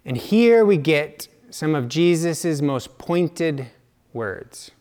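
A male preacher delivers a sermon at a slow, unhurried pace. His voice sits a bit high for a man, and he is reflective, sometimes dropping to quiet asides. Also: animated.

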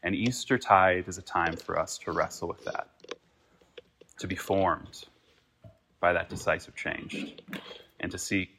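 A man with a fairly low voice preaches a sermon in church. He is earnest, rising to emphatic peaks and then dropping to quiet, reflective passages. Faint noise sits under the recording. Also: steady tone, a little slow, pauses often. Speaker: pastor.

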